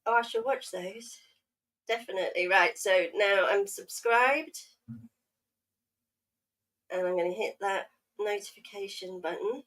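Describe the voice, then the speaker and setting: Woman streaming, jokey slangy chat, slow easy pace, clear bright tone. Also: mid-range voice. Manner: playful, teasing with slang. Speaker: livestream host. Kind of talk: casual livestream chat.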